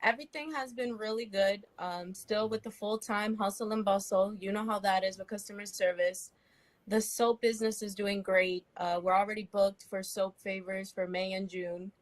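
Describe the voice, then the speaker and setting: A woman's voice: mid-range voice, steady tone, moderate pace. A woman guest on a podcast, an entrepreneur, chatting cheerfully over a call. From Massachusetts. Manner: cheerful, warm toward the hosts. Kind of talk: casual chat.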